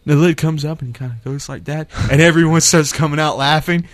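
A man's voice: on the high side, steady tone, brisk, dry recording. A young man in casual chat among friends, animatedly retelling a film scene and acting out the quotes in raised voices.

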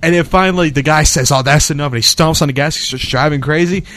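A man's voice: on the high side, fast, fairly bright tone. A young man in casual chat among friends, animatedly retelling a film scene and acting out the quotes in raised voices.

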